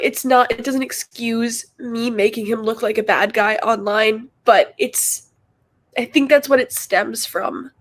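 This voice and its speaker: A high-pitched woman speaks in a confessional livestream talk. She rambles and halts, leaning on filler words in a soft, unsure delivery. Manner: rambling and halting, heavy use of filler words.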